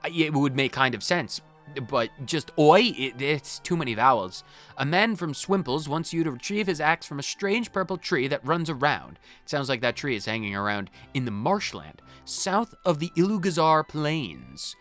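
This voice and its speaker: A playful man comments on a video game, reading its text and cracking jokes. His voice sits a bit high and moves through a lively range, with faint game music behind him. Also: moderate pace. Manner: playful, joking, reads game text aloud. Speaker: let's-play host.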